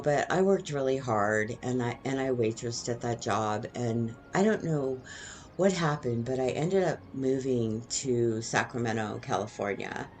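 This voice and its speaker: A middle-aged woman vlogger with a very deep voice tells stories from her past in a casual monologue, with slight background noise. She rambles and digresses, frequently ending sentences with "right?".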